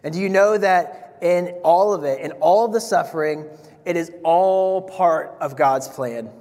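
A man's voice: on the high side, unhurried, a little mellow. A young man giving an earnest sermon and asking the audience questions. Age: young adult. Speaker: young church teacher. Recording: long hall reverb.

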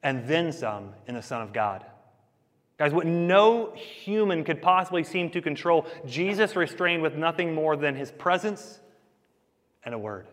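A man preaching in a relaxed, chatty storytelling style, his voice sitting a little higher than most men's. His words carry a long reverb off the walls of a large hall. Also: a little slow. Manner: conversational, storytelling, shifting between loud and quiet. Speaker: pastor. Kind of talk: sermon.

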